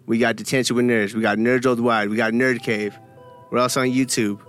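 A man's voice: medium pitch, little pitch movement, fairly quick, a bit bright, faint music behind. A man hosting a casual group podcast, laid-back and slangy, joking with friends and reading out where to find the show. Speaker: podcast host.

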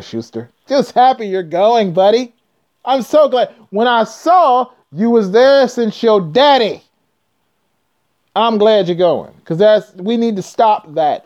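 A trucking channel host reads news stories aloud, giving casual commentary and breaking off into blunt, profane rants. His voice is high-pitched with a dark tone, and the recording has a dull lo-fi sound.

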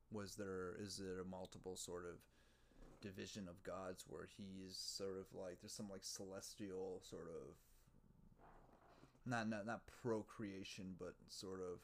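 A man hosting his own podcast, rambling casually and profanely, musing aloud and mocking himself. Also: fairly low pitch. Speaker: podcast host.

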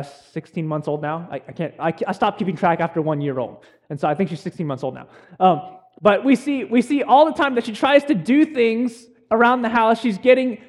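A young man preaching a sermon as pastor, earnest and conversational, with pauses and restarts. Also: sits high.

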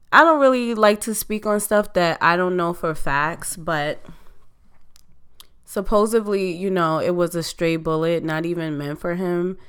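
A woman hosting a podcast in casual chat, her voice slightly hoarse and still recovering, speaking in a conversational, reflective way. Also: lowish voice, a bit bright. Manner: conversational, reflective, drawn-out delivery. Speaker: podcast host.

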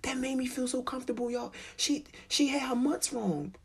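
A woman chatting casually about motherhood, candid and profane, with a very raspy voice and animated, slangy asides. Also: high voice, normal speed. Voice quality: very raspy, husky. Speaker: mom telling stories about parenting. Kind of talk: casual storytelling chat.

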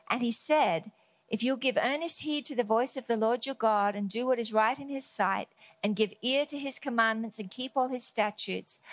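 A woman's voice: on the high side, no room sound. A woman giving a devotional Bible teaching, earnest and emphatic, often repeating key words. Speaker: preacher.

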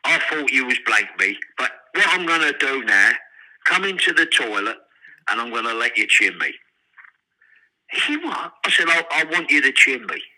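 An older man, telling profane, animated prison stories in an interview. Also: mid-range voice, moderate pace, rough recording. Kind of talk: storytelling.

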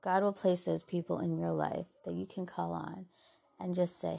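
Gravelly-voiced woman giving heartfelt encouragement. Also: on the low side, level tone, moderate pace. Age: adult mother. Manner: earnest and heartfelt, softening into gentle asides. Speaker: podcast host. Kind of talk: faith-based encouraging monologue.

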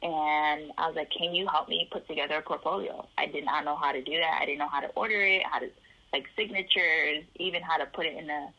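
A woman's voice: low voice, fairly even intonation, fairly quick, bright, forceful tone, slightly rough, muffled recording. A woman from the Chicago area telling her life story in an interview, acting out the voices of the people in it.

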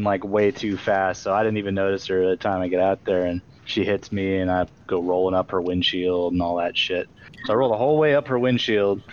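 Low-voiced laid-back man, lo-fi. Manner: laid-back, swears freely. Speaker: podcast co-host. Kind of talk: casual chat, storytelling. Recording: dull lo-fi audio with faint noise.

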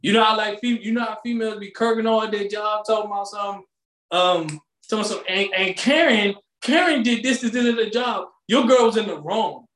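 A man co-hosting a podcast, chatting casually with slangy, animated storytelling. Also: high voice, brisk, roomy sound. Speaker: podcast co-host. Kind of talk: casual chat.

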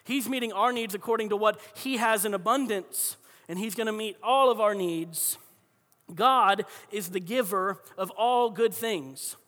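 A pastor preaches with a high, bright, forceful voice at a slightly slow pace, telling stories conversationally and restarting his sentences often. A long hall reverb lingers behind every phrase.

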